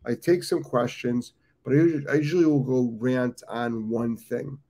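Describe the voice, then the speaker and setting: A fifty-something American man hosts a live stream, talking off the cuff. His voice is gravelly and dark, and he loops back over his phrases with plenty of ums. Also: medium pitch, steady tone, moderate pace. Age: 50s. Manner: rambling, repeats phrases, frequent ums. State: has the hiccups. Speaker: dog training show host. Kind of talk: casual live-stream talk.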